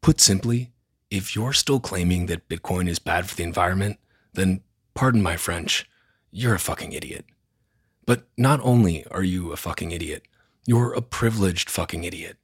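A man's voice: low-pitched, normal speed, breathy edge. A man hosting a news roundup podcast, reading from a script in a blunt, sarcastic, opinionated way. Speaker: podcast host.

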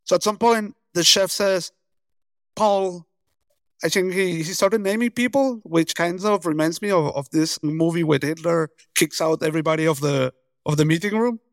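High gravelly guy on a podcast, laughing a lot, dry close sound. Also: moderate pace, no echo. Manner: laughing storyteller, acts out quotes. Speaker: podcast co-host. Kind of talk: casual chat.

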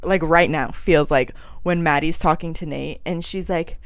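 Young woman chatting on a podcast, kinda low voice, laughs a lot, says like constantly, dry close sound. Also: steady tone, normal speed, dry recording. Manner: storytelling with frequent laughs and "like" fillers. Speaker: podcast co-host. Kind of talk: casual chat. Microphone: webcam or camera in a room.

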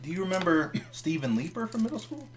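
A young man co-hosting a podcast, joking and swearing casually in relaxed chat. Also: high-pitched, fast talker.

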